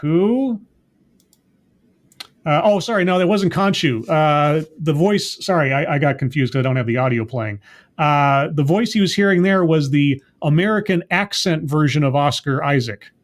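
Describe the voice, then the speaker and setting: A man casually recapping a TV episode in a chatty, rambling way, often stopping to correct himself with quick asides. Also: on the high side. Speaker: TV episode reviewer.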